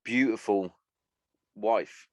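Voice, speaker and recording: A man's voice: lowish voice, very slow, darkish tone, no room sound. A man in his thirties hosting a solo podcast, rambling and swearing casually as he chats. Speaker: podcast host.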